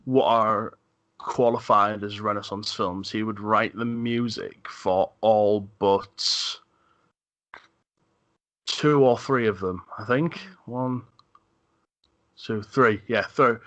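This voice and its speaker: A man's voice: fairly low pitch, steady tone, slow, a bit bright, dry recording. A man co-hosting a casual film podcast, talking in a thoughtful, hesitant way with frequent ums. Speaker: podcast co-host.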